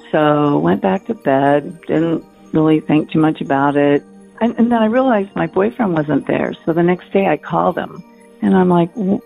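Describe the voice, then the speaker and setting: A woman in her fifties tells her story down a tinny phone line. She talks in a chatty, animated way, with nervous laughs along the way. Her voice has a gravelly grain, with faint music behind her. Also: deep voice. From Minnesota. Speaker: caller.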